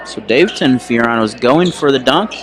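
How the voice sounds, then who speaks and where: A young man giving casual, chatty play-by-play for a high school basketball game, now and then correcting himself. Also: expressive, normal speed. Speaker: play-by-play announcer. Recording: noisy gym recording.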